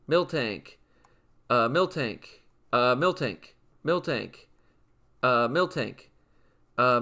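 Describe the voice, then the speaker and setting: A young man with a gravelly, creaky voice talks slowly through a gameplay video. He reads items off one by one in a dry, matter-of-fact way with amused little asides. The delivery is casual and unhurried. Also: mid-range voice, fairly bright tone. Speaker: gaming video creator.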